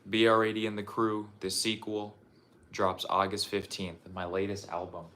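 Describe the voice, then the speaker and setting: Out of breath and showing his game collection on stream, this young man talks in a lowish voice with a completely flat delivery, pushed and bright, at a moderate pace. He's casual and crude, frequently starting sentences over, over faint background noise.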